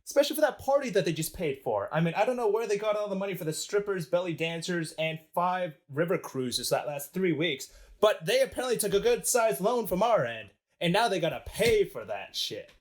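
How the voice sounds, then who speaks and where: A man's voice: high-pitched, animated, fairly quick, hardly any pauses, voice pushed up. A man voicing a greedy, smug 1800s banker with an American accent, gloating over money owed to him. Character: greedy cigar-chewing male 1800s banker.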